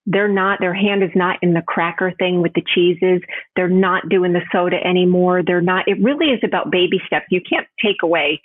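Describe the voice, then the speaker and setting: A woman from New York, a health coach guest chatting in a podcast interview, animated and laughing often, jumping high in pitch when quoting people. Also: moderate pace, dry recording. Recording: tinny phone-line sound.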